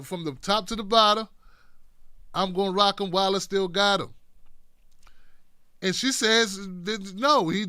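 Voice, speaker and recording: A man hosts a casual livestream, talking back to news clips with a sarcastic edge. His voice sits high and comes through smooth and clear. The sound is dry and close to the mic. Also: pushed and bright, no echo. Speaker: political commentary show host.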